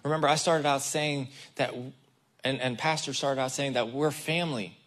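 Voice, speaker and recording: A man gives a casual, conversational sermon. His voice sits at an ordinary middle pitch. He talks straight to the congregation and acts out the people in the story. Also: steady tone, normal speed, fairly bright tone. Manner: casual and chatty, addresses the congregation directly. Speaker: guest preacher.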